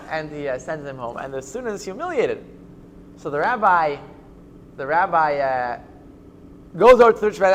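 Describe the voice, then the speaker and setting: A rabbi teaches a casual class on scripture, his voice pitched high for a man. He speaks haltingly, full of "uh" and "um" and restarts, with a faint hiss of background noise behind him. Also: very animated. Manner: halting, many fillers and restarts. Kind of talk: informal Torah class with jokes.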